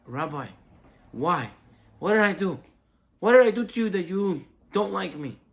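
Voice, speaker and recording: A man's voice: medium pitch, moderate pace, a bit bright, close to an everyday voice. A man voicing a devout older rich man who pleads with emphatic questions. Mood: aggrieved. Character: wealthy older man, devout, deeply hurt.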